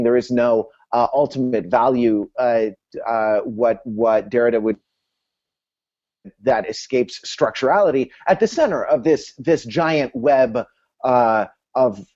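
A man talks through ideas in a hesitant, academic way, restarting his phrases often. His mid-pitched voice comes through a slightly dull, lo-fi video call. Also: a little mellow. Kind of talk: casual analytical discussion.

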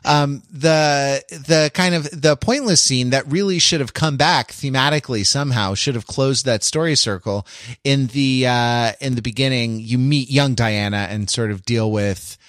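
A man's voice: mid-range voice, moderate pace, a bit bright, no room sound. Guy rambling about movies, mid voice, dead dry close mic. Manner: rambling, restarts a lot, laughs at his own jokes. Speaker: podcast co-host. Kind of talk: casual chat.

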